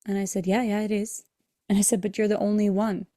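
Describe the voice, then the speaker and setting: Woman podcast host, warm mellow tone, flat steady pitch, emotional storytelling. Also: brisk, no room sound, clean studio sound. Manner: emotional, earnest, acts out dialogue in her story. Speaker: podcast host and breathwork coach. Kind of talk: personal storytelling.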